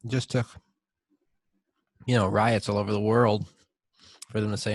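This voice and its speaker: Laid-back deadpan podcast co-host man. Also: lowish voice, a little slow, no room sound, studio quality. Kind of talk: casual chat.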